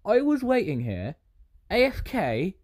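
Playing Minecraft, a British gaming YouTuber delivers wandering commentary full of self-interruptions. His darkish voice sits high, swings hugely in pitch, and moves a little slowly.

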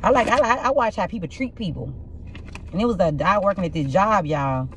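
Woman, rough husky voice, mid-pitched, blunt profane storyteller, casual tarot reading, faint hiss behind. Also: expressive, brisk, muffled recording. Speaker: tarot reader.

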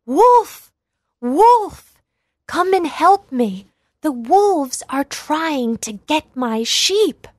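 A woman voicing a young shepherd boy in a storybook, calling out loudly in a high voice. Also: very animated, slow pace, hardly any pauses, no room sound, full character voice. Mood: shouting. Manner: shouting and pleading, high and loud. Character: young shepherd boy, mischievous then frightened.

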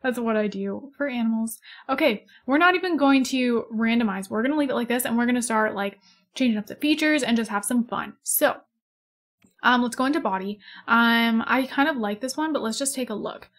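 A gaming YouTuber in her twenties chats casually through a let's-play, her fairly quick, somewhat bright, high-leaning voice rambling along as she giggles and fawns over cute animals.

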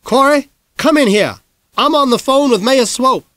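A man voicing a stern, impatient small-town mother calling her son loudly from another room. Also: extremely high pitch, expressive, normal speed, dry recording, pitched above the performer's own voice, heavily acted.

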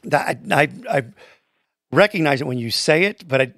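A man's voice: on the high side, lively intonation, moderate pace, vocal fry, a bit bright, no room sound, studio quality. A man co-hosting a podcast who chimes in with agreeable comments during an interview. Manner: agreeable, chiming in. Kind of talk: casual interview chat.

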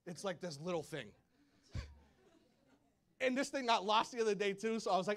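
Dude preaching in church, real high voice, animated, acts out the stories. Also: male voice, brisk, long pauses. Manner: animated storytelling, acts out shouts and quotes. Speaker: pastor. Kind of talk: sermon. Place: church hall before a congregation.

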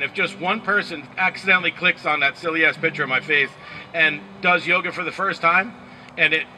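A man's voice: on the high side, bright, forceful tone, a little hiss or hum, rough recording. A man from the Bronx, a laid-back, joking yoga teacher welcoming a class in his backyard. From the Bronx, New York. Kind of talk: casual class introduction. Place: backyard, outdoors.

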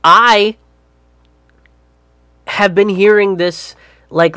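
A man's voice: high voice, slow pace, long pauses, pushed and bright, dry recording, studio quality. A young man doing political comedy commentary in a ranting, profane way with lots of fillers.

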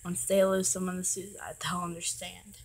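A woman's voice: fairly low pitch, flat delivery, moderate pace, darkish tone, husky, low-quality recording. A teenage girl giving an earnest, emotional pep talk to her viewers, swearing when she gets worked up. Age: teens. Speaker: vlogger.

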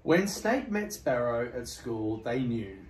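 A man reads a children's story aloud for a podcast in a slow, steady voice. He sits back from the mic in an echoey room. Faint background noise hangs under him. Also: medium pitch, recorded from a distance. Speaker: podcast co-host, story reader.

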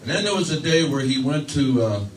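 A man's voice: medium pitch, expressive, fairly quick, reverberant, far from the mic, a little hiss or hum, rough recording. A man preaching a sermon, telling a story in a conversational way with restarts and fillers, acting out quoted voices. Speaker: pastor.

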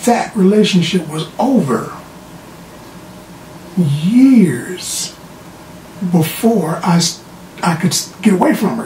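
A TV show reviewer giving a casual, animated episode recap, often repeating words as they restart sentences. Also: medium pitch, slow pace, long pauses. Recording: roomy sound from a distant mic with faint background noise.

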